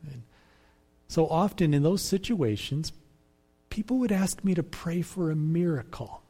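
A man preaching a sermon as pastor, in a measured, reflective way that repeats phrases for emphasis. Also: a little high, animated, dark tone.

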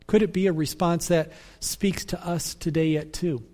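A man preaching a sermon as pastor, in a measured, reflective way that repeats phrases for emphasis. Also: on the high side, steady tone, darkish tone.

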